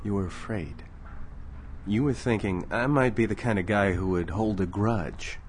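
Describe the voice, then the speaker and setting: An actor playing a calm, wry crime boss who threatens quietly. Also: male voice, fairly low pitch, normal speed, a little hiss or hum, natural voice. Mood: smooth. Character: menacing male crime boss, smooth and threatening. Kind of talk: audio drama acting.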